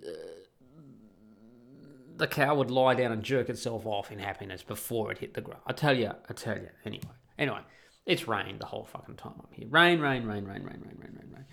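A man from Australia rambles through a casual talk to camera, exasperated and swearing freely. His voice has a gravelly, fry-edged texture at a middling pitch, and he often trips over himself, repeating words before getting them out. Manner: rambling, profane, exasperated storytelling; many restarts and repeated phrases. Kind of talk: casual monologue.

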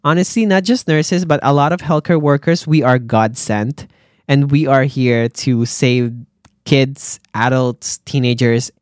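A podcast host and healthcare worker reading listener stories aloud and reacting with animated exclamations, talking straight to the listeners. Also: medium pitch, no echo, clean studio sound.

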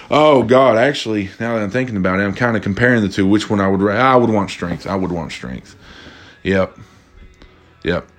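Animated, profane man telling stories. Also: on the low side, a little fast. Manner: animated, profane, acts out quoted voices. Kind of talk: casual storytelling monologue.

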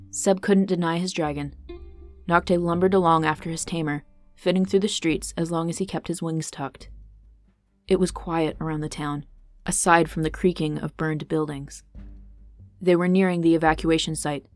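A woman narrates a fantasy story with dramatic, tense pacing. Her voice sits on the low side. A faint guitar plays behind her. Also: fairly even intonation, normal speed. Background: faint guitar music.

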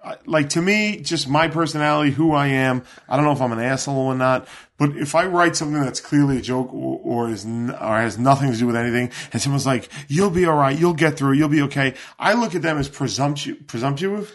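A man's voice: mid-range voice, fast talker, hardly any pauses, a bit bright. A man in his forties co-hosting a podcast, talking in casual chat, blunt and profane, his voice climbing when he gets worked up. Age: 40s. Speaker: podcast co-host.

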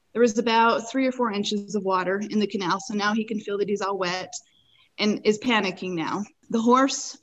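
A woman's voice: mid-range voice, dull audio. Earnest woman telling a detailed story. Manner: earnest, detailed, vivid retelling. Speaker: podcast guest. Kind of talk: personal storytelling in a conversation.

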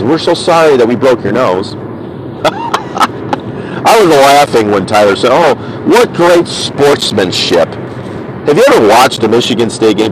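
A man's voice: low voice, a little hiss or hum, low-quality recording. A man hosting a casual sports talk show, opinionated and chatty, often stumbling and repeating words and laughing as he teases.

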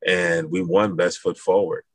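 A middle-aged man from Madison, Wisconsin, talking casually as an interview guest, animated storytelling. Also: low voice, a little slow, no echo. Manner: animated, acts out voices in his stories, laughs. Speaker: guest, school founder.

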